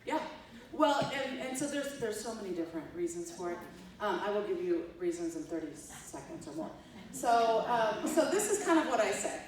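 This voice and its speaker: In a large, echoing hall, a woman giving a keynote talk tells stories animatedly and acts out what people said, speaking conversationally at a moderate pace with a medium-pitched voice. She's a professor, and a distant room mic captures her.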